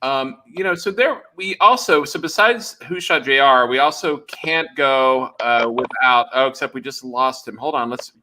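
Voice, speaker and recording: Bright, mid-pitched co-host voice. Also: normal speed, few pauses, a little hiss or hum. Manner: reacts with short wows, steers talk. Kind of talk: live-stream host chat.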